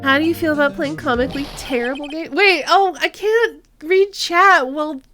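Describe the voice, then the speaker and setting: A woman's voice: high voice, moderate pace, pushed and bright. A woman streamer giving playful, giggly commentary while playing a game, with faint game music behind. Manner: giggly, playful, laughs often. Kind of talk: casual gameplay commentary.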